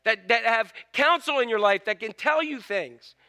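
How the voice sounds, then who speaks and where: A male pastor preaching a sermon in a lively storytelling manner, acting out scenes. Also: very high-pitched, normal speed, clear, resonant tone. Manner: animated storytelling, acts out scenes.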